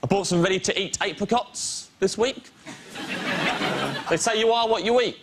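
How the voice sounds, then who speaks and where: A man doing deadpan stand-up comedy on a TV panel show, with a wry delivery. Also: high voice, moderate pace, heavy background noise. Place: TV studio with live audience. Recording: loud studio audience laughter.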